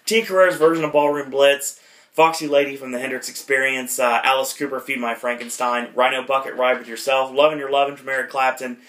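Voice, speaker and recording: A man talks through a movie retrospective in a loose, rambling way, leaning on fillers and poking fun at himself. His voice sits at an ordinary middle pitch but has a bright, forward edge. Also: level tone, brisk. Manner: rambling, many fillers and self-deprecating asides. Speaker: podcast host.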